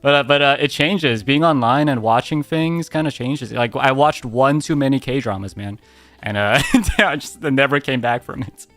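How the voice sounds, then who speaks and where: A man hosting a casual radio-style chat stream with an Asian-accented English, animated and quick to laugh. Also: medium pitch, no echo, soft background music. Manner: animated, laughs often, affirms a lot. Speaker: streamer host.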